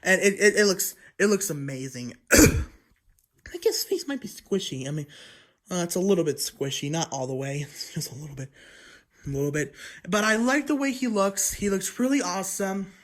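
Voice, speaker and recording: Rambly excited reviewer, keeps restarting sentences, clears throat a lot, mid-pitched voice. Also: normal speed. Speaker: toy reviewer. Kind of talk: casual review vlog.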